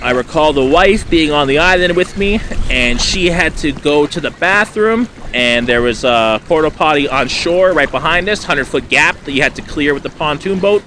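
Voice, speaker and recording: A man from Canada telling a fishing story to camera by a lake shore, rambling with many fillers and getting loud and high-pitched when excited. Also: moderate pace, few pauses, slight background noise. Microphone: camera mic.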